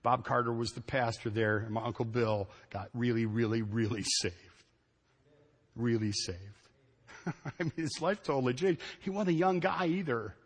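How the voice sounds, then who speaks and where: A middle-aged man preaching a sermon as pastor, telling a family story in an animated way and repeating phrases for emphasis. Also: mid-range voice, normal speed, breathy edge, long reverb tail.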